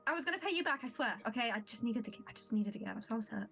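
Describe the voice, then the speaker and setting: A woman's voice: fairly high pitch, lively intonation, creaky, fairly bright tone, soft background music. A woman doing a frightened, pleading violinist. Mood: apologetic. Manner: shaky, pleading, halting.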